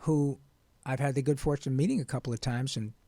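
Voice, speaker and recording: A man, a voice actor, telling his story in an interview in an earnest, animated and frank way. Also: medium pitch, quick pace, dry recording. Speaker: guest voice actor.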